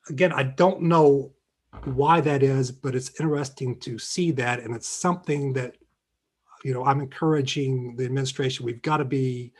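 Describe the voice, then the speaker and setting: A man with a husky, slightly breathy voice at a middling pitch presents survey results to colleagues. He explains each chart at length, with frequent ums and repeated words. He is heard over a video call. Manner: explanatory, many fillers and restarts. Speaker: faculty presenter.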